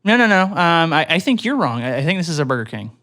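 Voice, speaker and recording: A man's voice: on the high side, very animated, quick pace, pushed and bright, exaggerated voice. A man playing a confused, pushy male customer calling to order food, stammering and insisting. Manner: hesitant, stammering, stubborn.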